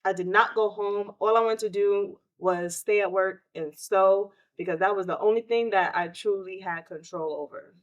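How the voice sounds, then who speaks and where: A woman, hosting a podcast and telling a personal story of grief in an emotional, animated way. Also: medium pitch, moderate pace, few pauses. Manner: emotional, animated retelling with quoted outbursts. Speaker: podcast host.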